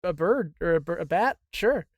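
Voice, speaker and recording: A man co-hosting a podcast in casual, playful banter. His voice sounds dry and close, with little room sound. He jumps into jokes quickly and keeps the back-and-forth going. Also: high-pitched, expressive, no echo. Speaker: podcast co-host. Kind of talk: casual chat.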